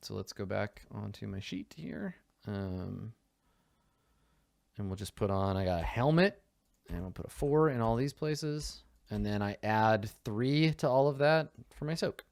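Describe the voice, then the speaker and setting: A man's voice: fairly low pitch, a little slow, creaky, darkish tone, dry recording, clean studio sound. A young man, a tabletop game player, chatting casually and rambling to himself as he builds a character, swearing freely.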